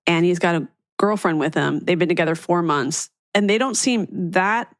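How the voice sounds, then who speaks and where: A woman's voice: fairly low pitch, moderate pace, no room sound, clean studio sound. A woman podcast host from the Philadelphia suburbs with a light local accent, chatting casually and laughing often. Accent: Philadelphia area. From Chester County, Pennsylvania. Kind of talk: casual chat.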